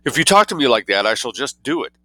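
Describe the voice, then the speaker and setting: A man's voice: mid-range voice, sing-song, quick pace, pushed and bright, pitched above the performer's own voice, poor audio. A man voicing a young aristocratic duke, speaking in a languid, composed and teasing way as he reads a story aloud. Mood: provocative.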